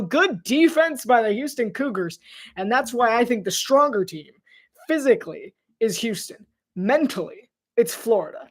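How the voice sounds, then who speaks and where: A man calls a basketball game alone as an amateur play-by-play commentator. His voice jumps up with excitement on the big plays, and he sometimes stumbles over the players' names. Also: extremely high pitch, moderate pace. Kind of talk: amateur live sports commentary.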